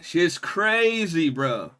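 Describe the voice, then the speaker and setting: Slangy New streamer guy, bright voice. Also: a little high, sing-song, very slow. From New York. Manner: loose, profane, slangy, keeps saying bro. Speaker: livestreamer. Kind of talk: casual chat with viewers.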